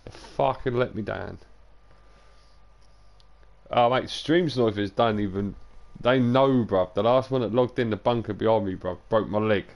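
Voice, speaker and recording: A man's voice: fairly low pitch, measured pace, vocal fry, dull audio. A tired young man chatting loosely and swearing to his viewers during a live game stream. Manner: loose, sweary banter to chat, drifting into sing-song and whispers.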